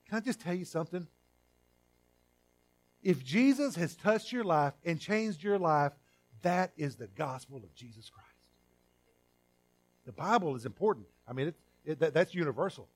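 With a high, expressive voice, a middle-aged man preaches as pastor in a chatty style marked by restarts and repeated words, alternating between forceful outbursts and soft, lingering phrases.

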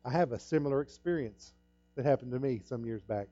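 Over soft background music, in lo-fi audio with no room sound, a middle-aged male pastor speaks briskly in a warm, medium-pitched voice. His sermon centers on a personal story told earnestly, with repetition and performed dialogue.

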